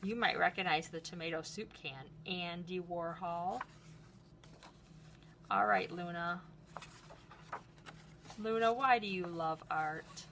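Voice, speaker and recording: A woman art teacher showing picture books and reading aloud to children in a gentle, enthusiastic way. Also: fairly low pitch, expressive, slow pace, long pauses, slight background noise. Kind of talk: book read-aloud lesson for children.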